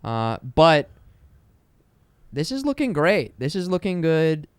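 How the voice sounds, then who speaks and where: Smooth-voiced man chatting casually. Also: on the high side, slow, dry recording. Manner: rambling, excitable, lots of fillers. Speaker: podcast co-host. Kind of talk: casual chat.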